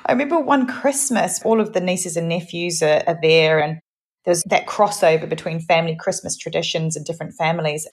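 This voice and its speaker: Lively New Zealand woman telling stories. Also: on the low side. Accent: New Zealand, partly anglicised. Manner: lively storyteller, quick to laugh. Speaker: podcast co-host. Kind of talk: casual chat.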